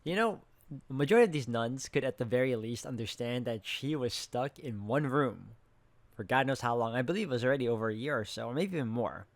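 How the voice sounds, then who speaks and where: A man's voice: medium pitch, lively intonation, brisk, no echo. A man hosting a gaming channel, reading a visual novel aloud and stopping to comment in a casual, musing way with fillers. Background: music.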